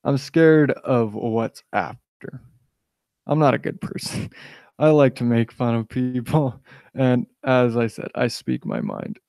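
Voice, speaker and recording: A man's voice: mid-range voice, steady tone, slow pace, darkish tone, clean tone, no echo. A young man rambling through an opinionated rant on his own live stream, stoned, with lots of restarts and filler. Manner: opinionated, rambling, frequent restarts and "you know". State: high on cannabis. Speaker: channel host live-streaming. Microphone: desk microphone.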